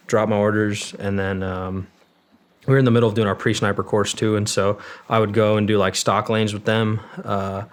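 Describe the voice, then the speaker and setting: A young man in his twenties, a former Marine and podcast guest, recounting his service in a candid, rambling way with fillers and some swearing. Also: lowish voice. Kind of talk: casual storytelling interview.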